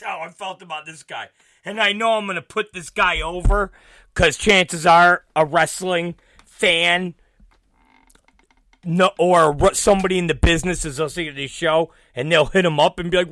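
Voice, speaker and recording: A man hosting his own talk show, ranting and storytelling with heavy swearing, swinging between loud outbursts and muttered asides, often laughing. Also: high-pitched, moderate pace, dry recording. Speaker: podcast host. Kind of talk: profane comedic ranting.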